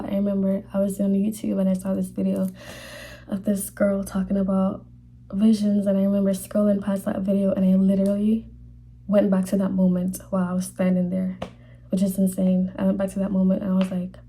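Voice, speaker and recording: A young woman telling a personal faith testimony in a halting, casual way, full of fillers, sometimes dropping to a whisper. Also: mid-range voice, completely flat delivery, warm tone, husky. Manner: halting, many fillers, drops to whispers when emotional. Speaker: vlogger sharing a faith testimony.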